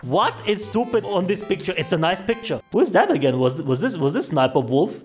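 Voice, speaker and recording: Young man mocking a video, lively voice. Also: sits high, a little fast, slightly rough, soft background music. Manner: loud, joking, swears a lot, laughs at what he watches. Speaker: reaction video host. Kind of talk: casual reaction commentary.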